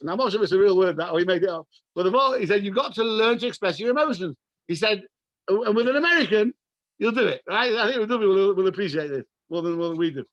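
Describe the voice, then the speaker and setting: An English man, a rabbi, teaching a class over a video call and telling stories in an animated way, with Hebrew and Yiddish words mixed in. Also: sits high, fast, no echo, muffled recording. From England. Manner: animated storyteller, mixes in Hebrew and Yiddish terms. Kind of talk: Torah class with storytelling.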